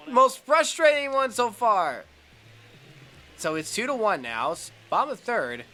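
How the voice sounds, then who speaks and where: Excitable young man with a very bright voice. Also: slow pace, a little hiss or hum. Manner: excitable, talks to himself, groans and cheers at each pitch. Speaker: gaming YouTuber. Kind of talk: live baseball video game commentary.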